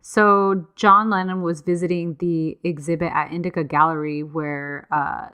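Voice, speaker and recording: A woman's voice: fairly low pitch, steady tone, measured pace, bright, forceful tone, clear, resonant tone. A woman co-hosting a podcast, telling a story in casual chat and acting out quotes in playful voices. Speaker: podcast co-host.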